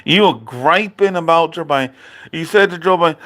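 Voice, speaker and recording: A man's voice: a little high, fairly quick, fairly bright tone. A man ranting in a political commentary vlog, indignant and repetitive, speaking directly to his father. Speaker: video creator.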